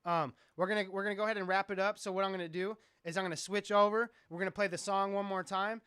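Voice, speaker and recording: A man's voice: high-pitched, fairly even intonation, fast, bright, forceful tone, clean tone, no room sound, clean studio sound. A man who produces music, hosting a casual live stream, rambling, joking and swearing a lot. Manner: profane, rambling, joking with chat.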